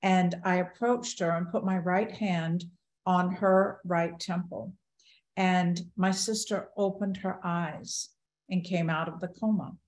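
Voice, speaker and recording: A woman's voice: lowish voice, slow pace. Older woman telling her story in an echoey room. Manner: earnest, quotes dialogue in a lively retelling. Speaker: guest speaker. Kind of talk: personal storytelling talk.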